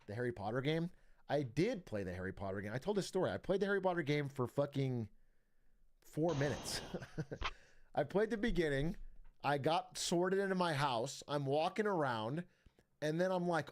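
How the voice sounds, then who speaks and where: A man's voice: a little high, animated, moderate pace. A young man streaming, chatting casually with viewers in a rambling, profane way and laughing often. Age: young adult.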